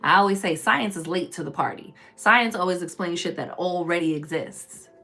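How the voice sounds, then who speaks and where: With soft music playing behind her, a woman does a casual spiritual tarot reading on a live stream at normal speed. She's chatty and preachy, says "baby" and "y'all" to listeners, and alternates between loud, emphatic bursts and low murmurs.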